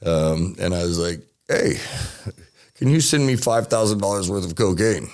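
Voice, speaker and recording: Animated low-voiced man telling stories. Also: moderate pace. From United States. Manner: animated, acts out voices in his stories, laughs often. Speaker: guest. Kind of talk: casual storytelling.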